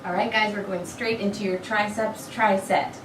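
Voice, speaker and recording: A woman's voice: medium pitch, steady tone, moderate pace. Woman fitness coach, chatty rep-counter, a touch froggy, recorded from a distance in a noisy, echoey room. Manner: encouraging, chatty asides between counted reps. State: frog in her throat. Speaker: fitness instructor. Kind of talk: workout instruction with rep counting. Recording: echoey room, mic far off.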